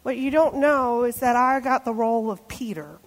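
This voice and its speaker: A woman pastor preaching a sermon, telling a story and acting out voices, sometimes dropping to a hushed tone. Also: on the high side, normal speed. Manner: storytelling, acts out voices, drops to hushed tones. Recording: long hall reverb.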